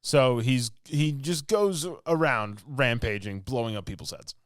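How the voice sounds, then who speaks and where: A man's voice: medium pitch, measured pace, dry recording, clean studio sound. A man co-hosting a podcast, recapping a film in a rambling, casual way with lots of "like" fillers. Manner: rambling, filler-heavy storytelling with laughs. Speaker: podcast co-host.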